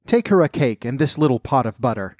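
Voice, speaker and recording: A man reading a gentle storybook mother. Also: medium pitch, animated, brisk, no echo, studio quality, lightly acted. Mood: caring. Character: fond village mother.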